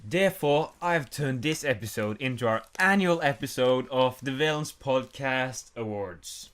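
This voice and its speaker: A man's voice: mid-range voice, expressive, a little slow, a bit bright. Young guy hosting a chill podcast, jokey and teasing. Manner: joking, teasing banter. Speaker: podcast host. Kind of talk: casual chat.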